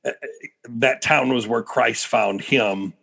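A man's voice: medium pitch, slow pace, gravelly, sharp tone, husky. A middle-aged American man, a preacher and guest, telling stories animatedly in a podcast interview with frequent restarts. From United States.

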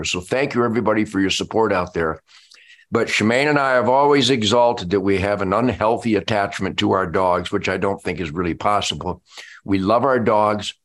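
A man's voice: medium pitch, fairly bright tone. An older man talking emotionally on a podcast, close to tears, listing words in long heartfelt runs. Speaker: musician and show guest.

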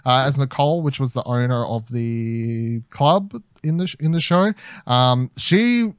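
A man's voice: mid-range voice, expressive, a little slow, smooth, dry recording, studio quality. A young Australian man co-hosting a casual TV review chat, rambling and hesitant, with casual swearing. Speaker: podcast co-host.

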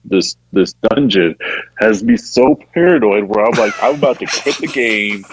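A man's voice: on the low side, moderate pace, a little hiss or hum, rough recording. A man in his thirties telling rambling stories on a podcast, laughing as he talks. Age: 30s. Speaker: podcast guest. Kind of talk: casual storytelling.

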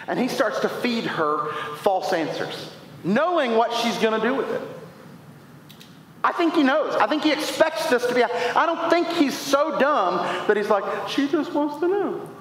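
A man preaching a sermon, retelling a Bible story with playful, animated storytelling, swinging between loud and quiet. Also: sits high, normal speed, pauses often. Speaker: pastor. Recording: echoey hall, faint noise.

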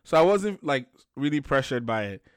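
A man's voice: medium pitch, sing-song, normal speed, a crowd in the background. A young man from Nigeria, co-hosting a casual chat, joking and emphatic. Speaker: podcast co-host.

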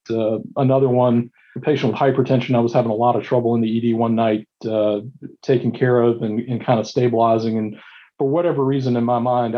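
Halting man on a muffled line. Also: medium pitch. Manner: halting, many restarts and fillers. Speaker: emergency physician, medical director. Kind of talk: recounting stories in a panel discussion.

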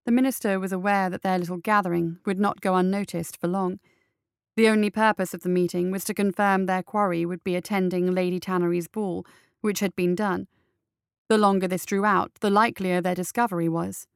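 A woman narrating an audiobook in a steady, measured storytelling manner. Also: on the low side, vocal fry, smooth, no room sound, studio quality.

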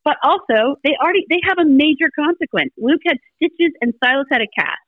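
With a high-pitched voice and brisk pace, a middle-aged woman guesting on a podcast casually tells family stories, animatedly performing everyone's dialogue. The audio is narrow and tinny, with no room sound.

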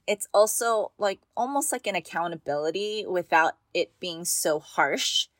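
A woman's voice: on the low side, fairly bright tone, no echo, studio quality. A woman hosting a parenting talk for mothers. She speaks in an earnest, encouraging way, repeats key phrases and often asks "right?". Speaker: parenting podcast host for mothers. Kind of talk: casual advice talk.

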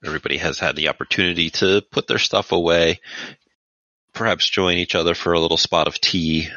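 A man serving as game master, narrating a tabletop game in an unhurried, descriptive way with fillers. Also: sits low, fairly even intonation, sharp tone, no echo, highs cut off.

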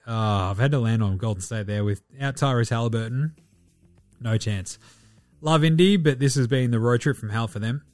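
A man's voice: mid-range voice, normal speed, darkish tone, dry recording, soft background music. A man hosting a sports podcast, running through betting picks in casual, profane, slang-heavy banter.

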